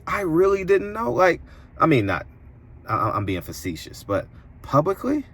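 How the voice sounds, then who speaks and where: A man delivering an opinionated commentary monologue as a boxing commentator, preachy and emphatic, his voice jumping higher when indignant. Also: wildly swooping pitch, moderate pace, slightly rough.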